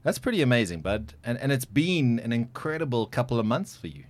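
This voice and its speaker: A man's voice: medium pitch, very animated, a little fast. A man hosting a podcast interview, chatty and joking, often correcting himself. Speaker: podcast host. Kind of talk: casual interview chat.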